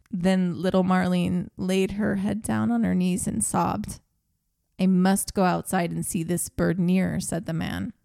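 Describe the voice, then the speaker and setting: This is a woman reading an old fairy tale aloud on a podcast, slipping into small voices for the characters. Her voice is low in brightness and mellow, with a gravelly fry. The sound is close and dry, with no room around it. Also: dry recording. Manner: reads the story aloud with brief acted quotes and frequent laughter. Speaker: podcast co-host.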